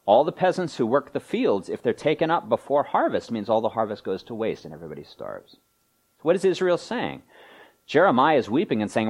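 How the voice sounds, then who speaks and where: A man preaching a sermon, explaining a passage and acting out its voices with lively swings. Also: fairly quick. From Canada. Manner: animated, acts out quoted voices with wide pitch swings. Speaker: pastor.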